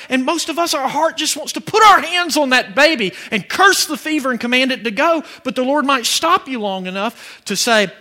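A man from preaching a sermon, telling stories with animation and breaking into shouts. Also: extremely high pitch. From Georgia, USA. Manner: animated storytelling, bursts into shouting.

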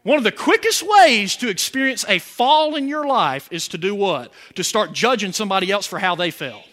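Pastor guy preaching, really high voice, lots of ups and downs, keeps asking the crowd what. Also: expressive, moderate pace, sharp tone. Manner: preaching with rising emphasis and call-and-response questions. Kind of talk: sermon.

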